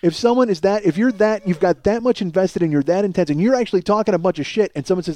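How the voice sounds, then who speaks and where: A man's voice: high-pitched, rapid-fire, hardly any pauses, warm tone. A man in his forties telling a long personal story in a casual, profane way, often laughing as he talks. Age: 40s. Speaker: podcast storyteller.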